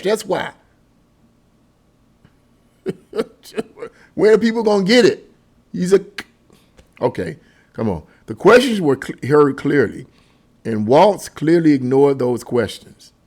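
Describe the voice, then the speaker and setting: Man, political commentator, indignant, emphatic, mid-pitched voice. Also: a little mellow. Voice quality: emphatic, indignant, repeats himself. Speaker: political commentary channel host.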